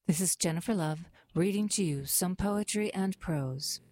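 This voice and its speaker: Low-voiced woman reading poetry aloud. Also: no echo. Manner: measured, expressive recitation. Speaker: volunteer reader.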